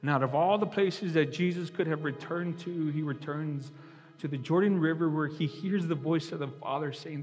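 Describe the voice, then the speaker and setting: A man delivers an earnest, emotional sermon and prayer, his fairly high voice pleading slowly and tenderly. His words ring through a church with a long reverb tail, and soft music plays underneath. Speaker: preacher.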